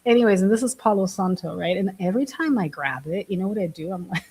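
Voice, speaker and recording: A woman's voice: medium pitch, animated, fast, noisy background. A woman from Germany chatting casually to camera, laughing often and making fun of herself. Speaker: vlogger, app builder.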